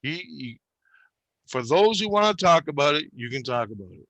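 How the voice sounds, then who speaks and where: A man casually retelling his spiritual experiences, animated and full of swearing. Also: fairly high pitch, normal speed, no room sound. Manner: profane, animated, retells dialogue. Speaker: channel host recounting spiritual experiences. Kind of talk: casual storytelling conversation.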